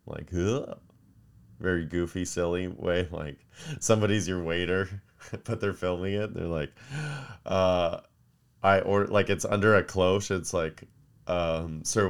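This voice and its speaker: A man hosting a podcast, chatting casually in an animated way, with frequent fillers and laughter. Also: low-pitched, clear, resonant tone. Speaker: podcast host. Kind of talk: casual rambling chat.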